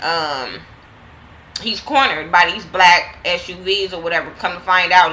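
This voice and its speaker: A woman with a bright, forceful voice pitched on the low side, recapping a TV drama in loose, profane slang. She acts out each character's lines herself with plenty of attitude. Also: slight background noise, low-quality recording. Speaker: TV show reviewer.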